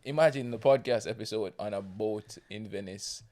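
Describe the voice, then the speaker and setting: A man's voice: fairly low pitch, normal speed, a little mellow. A young Jamaican man co-hosting a casual podcast chat, playful and teasing. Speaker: podcast co-host.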